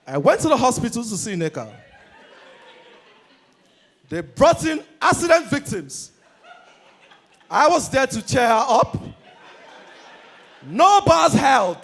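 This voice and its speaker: A Nigerian man doing stand-up comedy, energetic and shouting his punchlines. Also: extremely high pitch, a little slow, creaky, pauses often.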